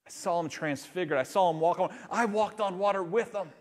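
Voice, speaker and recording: A pastor voicing a grieving disciple who feels too unworthy to go on, speaking quietly in a hushed, despairing way. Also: male voice, high voice, brisk, in a large hall, voice pushed up. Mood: remorseful. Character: grieving disciple, man, remorseful fisherman.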